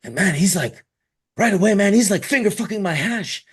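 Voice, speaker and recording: A man imitating an excited grower with a Cuban accent, raising his voice high and loud. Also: brisk, husky, heavily acted.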